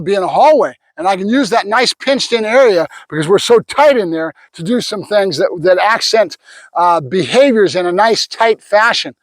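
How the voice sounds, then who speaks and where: A man working as a dog trainer, explaining his method step by step and breaking off to give his dog short commands and quick praise. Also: high voice, no room sound. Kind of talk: casual training demonstration.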